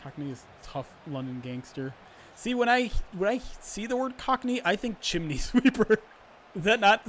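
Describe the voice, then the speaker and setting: A man calling a simulated football game on a livestream, switching between animated play-by-play and chatty asides to his viewers, often clearing his throat. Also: high voice, normal speed, slight background noise. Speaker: streamer doing play-by-play. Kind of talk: livestream sports play-by-play commentary.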